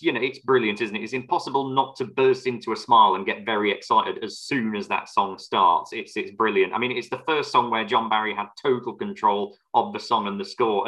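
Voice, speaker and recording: A man's voice: lowish voice, sharp tone, poor audio. A man co-hosting a podcast, chatting casually about film songs and telling wry anecdotes. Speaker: podcast co-host.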